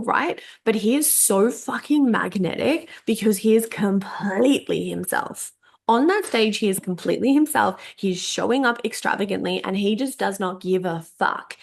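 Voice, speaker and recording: A woman coach talks through a motivational workshop with a gravelly edge on her voice. She speaks candidly and swears freely. She leans on repeated words to drive her points home. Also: medium pitch. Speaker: energetics coach. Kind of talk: casual motivational workshop talk.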